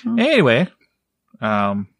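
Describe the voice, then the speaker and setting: A man's voice: mid-range voice, huge pitch swings, slow, vocal fry, a bit bright, dry recording, studio quality. A man chatting casually as a podcast co-host, rambling, leaning on "like" and "right?", and swearing now and then. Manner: rambling, heavy use of "like" and "right?". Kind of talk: casual chat.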